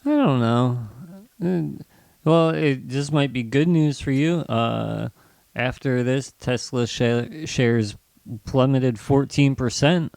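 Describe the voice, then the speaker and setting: A man's voice: medium pitch, gravelly, a little mellow, dry recording. Guy on a comedy news podcast, dry jokey delivery, close dead-sounding mic. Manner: dry, joking, reads headlines haltingly. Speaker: co-host. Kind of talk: casual comedic news chat.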